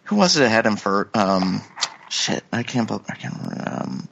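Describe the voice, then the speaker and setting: A man's voice: lowish voice, sing-song, moderate pace, creaky, a bit bright, lo-fi sound, slight background noise. A man talking casually on a podcast, hesitant, with many restarts and fillers. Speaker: podcast co-host. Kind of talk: casual chat.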